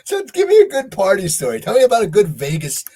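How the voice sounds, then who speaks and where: Husky fast-talking male host. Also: sits high, huge pitch swings, mellow. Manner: rambling, restarting questions. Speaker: podcast host. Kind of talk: casual interview.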